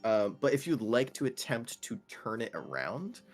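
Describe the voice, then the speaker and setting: A man's voice: mid-range voice, huge pitch swings, moderate pace, soft background music. A man narrating as game master in a tabletop role-playing game, laid-back and rambling.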